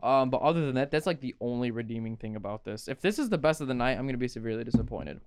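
A man's voice: mid-range voice, expressive, racing, clean tone. A young man co-hosting a beer tasting chat, joking and teasing his friends. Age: young adult. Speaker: beer review podcast co-host. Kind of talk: casual chat.

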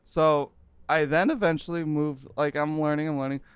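Young male co-host, rambling storyteller, smooth voice, dry close mic. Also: fairly high pitch, steady tone, moderate pace, dry recording. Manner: rambling storyteller, restarts often. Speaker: podcast co-host. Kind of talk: casual gaming chat.

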